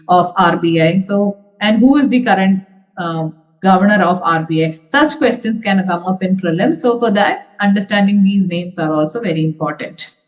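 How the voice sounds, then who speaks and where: A woman with an Indian English accent delivers an exam-prep lesson at a mid-range pitch for a woman. She works through each point methodically, often repeating herself to drive facts home, with many small hesitations along the way. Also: poor audio. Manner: methodical, restates key points, frequent hesitation fillers. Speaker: civil service exam trainer. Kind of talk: explanatory exam-prep lecture.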